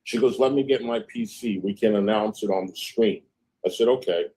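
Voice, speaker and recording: A man's voice: fairly low pitch, normal speed, dark tone, breathy edge, low-quality recording. A man hosting a casual livestream, reading out text message exchanges in a chatty, gossipy retelling. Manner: frequent fillers, "I said, she goes" storytelling. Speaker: livestream host.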